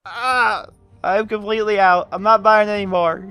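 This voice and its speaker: A young man giving gameplay commentary while opening loot drops, talking in an animated, exasperated, pleading way. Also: sits high, unhurried, clear, resonant tone, no room sound, soft background music. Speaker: gaming YouTuber.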